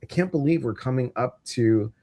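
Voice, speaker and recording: A man's voice: medium pitch, moderate pace, warm tone. A middle-aged man hosting a live stream, chatting casually and jokingly and greeting viewers by name. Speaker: host.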